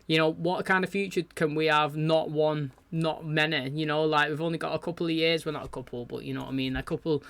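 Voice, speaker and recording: A TV reaction channel host rambles through a chatty episode recap, paraphrasing loosely and using plenty of fillers. His slightly high, somewhat bright voice stays steady, and he talks fast with hardly any pauses.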